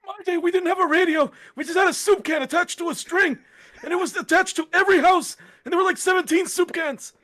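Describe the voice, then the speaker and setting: A man's voice: extremely high pitch, fast talker, pushed and bright, voice pushed up. A man putting on the voice of a rambling old man reminiscing about the old days.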